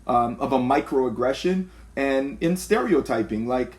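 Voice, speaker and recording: A Canadian pastor talks in a church conversation, telling stories animatedly and acting out the people in them. He has a medium-pitched voice and speaks a little slowly.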